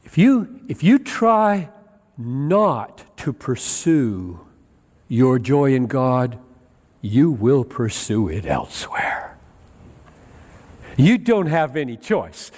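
Slow, animated male preacher in a hall. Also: mid-range voice. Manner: emphatic, repeats key phrases, quotes scripture. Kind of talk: sermon. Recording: long reverb of a large hall.

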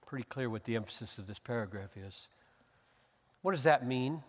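A pastor delivering an expository sermon, earnest and emphatic, swinging from hushed tones to loud exclamations. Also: male voice, mid-range voice, lively intonation, normal speed, breathy edge. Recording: long hall reverb.

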